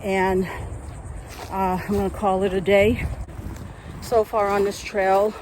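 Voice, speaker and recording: Anxious woman, self-filmed hiking vlog, slow unhurried speech, faint outdoor hiss on a phone recording. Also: mid-range voice, little pitch movement, a little mellow, poor audio. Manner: nervous, talks to herself, breaks into anxious laughs. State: anxious, near panic. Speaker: vlogger hiking a trail. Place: outdoors on a wooded nature trail. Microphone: phone held while walking.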